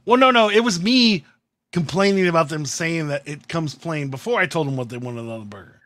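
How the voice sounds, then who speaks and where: A man's voice: a little high, animated, fairly quick, fairly bright tone, no echo, clean studio sound. A man hosting a podcast, telling a story in casual chat and acting out his own outbursts. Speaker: podcast host.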